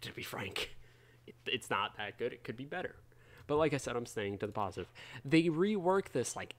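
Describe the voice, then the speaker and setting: A man ranting in a casual gaming vlog, animated and heated, swearing freely as he argues his point. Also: lowish voice. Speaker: gaming video creator.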